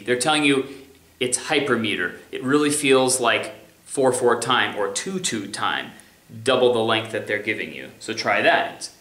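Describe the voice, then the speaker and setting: Teaching music theory in a recorded remote lecture, a man speaks at a measured pace in an expressive, pushed, bright medium-pitched voice. His casual style includes singing and scatting rhythms as demonstrations, and the room is echoey.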